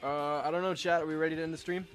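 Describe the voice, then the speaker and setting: Excitable, cussing male streamer. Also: on the high side, racing, faint music behind. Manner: excitable, swears and laughs a lot. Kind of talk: casual live-stream chat.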